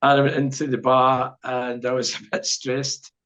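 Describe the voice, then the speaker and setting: A man's voice: mid-range voice, monotone, moderate pace, a bit bright. A middle-aged Scottish man telling a long anecdote as a podcast guest, rambling and chuckling as he goes. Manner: rambling storyteller, chuckles often. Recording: dull lo-fi podcast audio.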